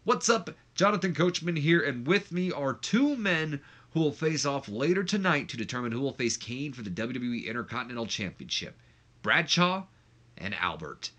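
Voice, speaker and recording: A man's voice: medium pitch, sing-song, moderate pace, fairly bright tone, voice pushed up. A man voicing an upbeat male backstage interviewer in a wrestling game playthrough. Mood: hyped.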